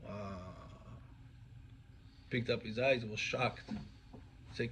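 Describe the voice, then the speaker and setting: A man's voice: mid-range voice, extremely slow, pauses often, a little mellow, slight background noise. A man teaching a class as a rabbi, telling stories and acting out the dialogue with animation. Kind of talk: storytelling Torah class.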